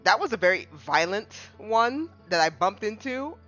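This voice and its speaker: A gaming streamer casually recapping a game, excitable, with dramatic restarts and big jumps in pitch. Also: moderate pace. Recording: slightly dull lo-fi mic with faint music.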